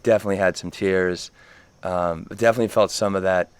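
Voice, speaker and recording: Low-pitched man, smooth clear voice, reflective podcast chat, gropes for words. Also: fairly even intonation, fairly quick, dry recording. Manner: thoughtful, searching for words, frequent "like". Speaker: podcast co-host. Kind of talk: reflective casual conversation. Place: retreat center in Costa Rica.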